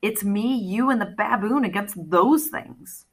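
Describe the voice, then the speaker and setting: A woman's voice: mid-range voice, unhurried, fairly bright tone, breathy edge. A woman reading the part of a nervous teenage boy who stammers while trying to be brave in an audiobook. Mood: tense. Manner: tense, stammering.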